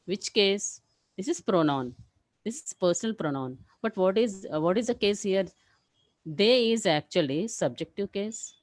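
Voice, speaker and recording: A woman teaching a live English grammar class, explaining rules step by step and often checking with "clear?". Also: medium pitch, animated, a little slow, no room sound, poor audio.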